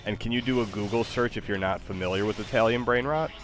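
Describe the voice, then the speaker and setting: A man's voice: fairly low pitch, fast talker, music in the background. A man chatting casually with an AI assistant, hesitant and stumbling over his words. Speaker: user chatting with an AI. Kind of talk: casual chat.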